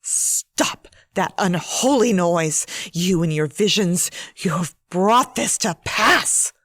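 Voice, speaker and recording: Give me a woman playing a frightened, harsh mother in an audiobook, sharp-tongued and scolding. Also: medium pitch, animated, moderate pace, no echo, lightly acted. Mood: sharp, fearful. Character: fearful, harsh, religious wife and mother.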